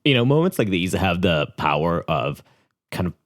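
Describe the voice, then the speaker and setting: A deep-voiced, very animated man with an Israeli accent co-hosts a casual podcast at a moderate pace. His talk is thoughtful, hesitant and full of restarts, and the recording is dry with clean studio sound.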